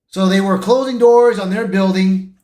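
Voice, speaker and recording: High-voiced guy rambling through a movie plot, echoey room. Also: steady tone, moderate pace, mellow. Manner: rambling, with restarts. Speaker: movie reviewer. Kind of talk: casual plot recap.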